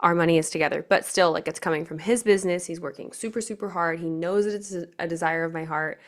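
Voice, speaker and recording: Young adult woman, pageant coach hosting a solo podcast; energetic, conversational, audience-directed, slightly low voice. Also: fast talker. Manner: energetic, chatty, asks the audience questions. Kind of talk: motivational solo podcast talk.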